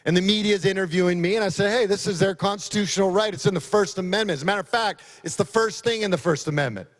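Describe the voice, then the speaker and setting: A man's voice: sits high, fast talker. A middle-aged man, a county sheriff, giving an emphatic, folksy conference speech. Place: conference hall. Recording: long hall reverb.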